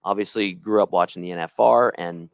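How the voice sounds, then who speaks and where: A man's voice: deep voice, brisk, creaky, dry recording. A young adult man, a rodeo announcer, telling earnest stories in casual podcast chat with lots of restarts. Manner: earnest storytelling with many restarts.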